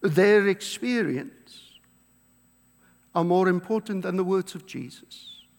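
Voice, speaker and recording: High-voiced man preaching in an echoing hall. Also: gravelly. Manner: emphatic preaching with slow, drawn-out stresses and quoted scripture. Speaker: pastor. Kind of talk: sermon. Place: church. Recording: long reverb of a church hall.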